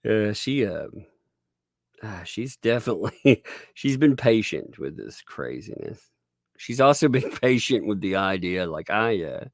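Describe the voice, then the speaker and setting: A man's voice: on the low side, gravelly, no room sound, clean studio sound. A man hosting a casual livestream, rambling and laughing as he thanks viewers and reads chat. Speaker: livestream host.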